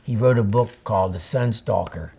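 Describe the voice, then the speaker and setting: Older man, gravelly and husky, low voice; a photographer reminiscing in a rambling, storytelling way. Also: normal speed, mellow. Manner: rambling storyteller, acts out old conversations. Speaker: photographer interviewee. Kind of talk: reminiscing interview.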